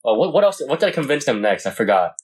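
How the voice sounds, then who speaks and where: A man's voice: mid-range voice, big pitch swings, rapid-fire, darkish tone, breathy edge, poor audio. A young man in casual chat, rambling through a story with lots of fillers and restarts.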